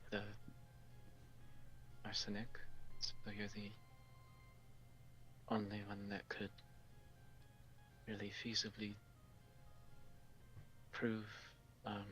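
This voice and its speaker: A man playing in a tabletop role-play, speaking softly and hesitantly with many pauses. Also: lowish voice, monotone, soft background music. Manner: soft, hesitant, full of ums. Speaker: player.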